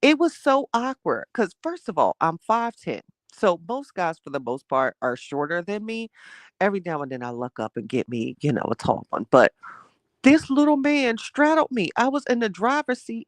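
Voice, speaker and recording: A woman's voice: on the high side, normal speed, no echo. A young woman, livestreaming and telling a dating story to her chat in a casual, laughing way. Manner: animated, laughing, reads chat names aloud. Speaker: livestream host.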